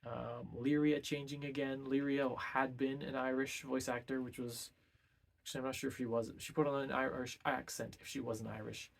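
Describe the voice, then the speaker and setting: A man's voice: mid-range voice, little pitch movement, normal speed, creaky. A man giving a casual, rambling book review full of ums and self-corrections.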